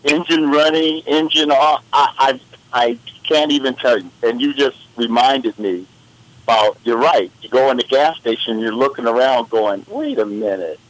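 A man's voice: medium pitch, moderate pace, dry recording, poor audio. A man co-hosting a radio show, rambling in casual chat and getting worked up as he tells stories. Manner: animated, rambling, exasperated storytelling. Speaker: radio co-host.

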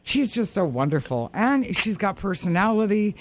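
A woman hosting a golf radio show, eager and effusive with her guest. She chats casually and keeps the talk lively. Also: medium pitch, normal speed, slight background noise. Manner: laughs often, eager and effusive. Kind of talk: casual interview chat.

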